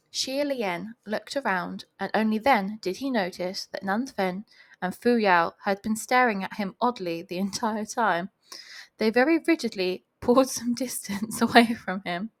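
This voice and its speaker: A young woman reading a novel aloud at home, breaking off with chatty, giggly comments. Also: mid-range voice. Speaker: reader of a novel. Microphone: home voice recording.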